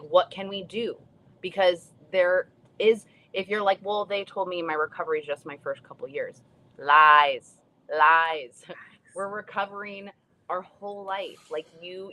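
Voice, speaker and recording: A woman's voice: on the low side, a little hiss or hum. A young woman co-hosting a casual talk show, speaking in an earnest, reflective way. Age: young adult. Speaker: co-host, stroke survivor. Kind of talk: casual chat.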